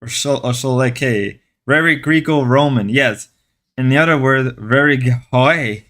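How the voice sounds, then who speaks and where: A man's voice: mid-range voice, measured pace, fairly bright tone. A man streaming live, chatting casually with viewers in a sarcastic, rambling way, repeating and restarting his phrases. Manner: sarcastic, mock-macho joking. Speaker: live streamer reading chat.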